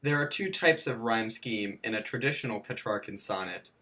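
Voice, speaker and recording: A man's voice: on the low side, lively intonation, bright, forceful tone. A man narrating a scripted video lesson, slipping in dry jokes and mock self-corrections. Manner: counts and spells out points slowly. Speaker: teacher.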